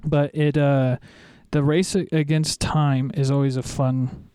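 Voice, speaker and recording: A man co-hosting a casual podcast, enthusiastic and quick to laugh, often restarting his words. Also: on the high side, flat delivery, dark tone, clean tone, dry recording, studio quality. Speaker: podcast co-host.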